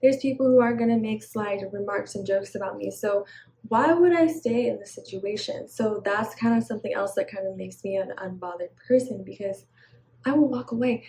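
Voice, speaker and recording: A woman's voice: medium pitch, normal speed, mellow. A woman giving casual advice straight to camera, chatty and slangy, often laughing, on a poor-quality recording. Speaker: vlogger.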